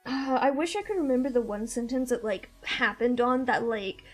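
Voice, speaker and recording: Faint music sits behind a young woman hosting a stream in casual chat, rambling and laughing a lot. Her accent mixes Midwestern and Southern American, and her voice is a little high at normal speed.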